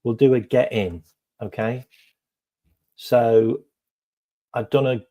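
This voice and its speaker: A man's voice: mid-range voice, slow pace, long pauses, mellow. A man hosting a casual live stream, chatting to viewers with lots of ums and repeated phrases.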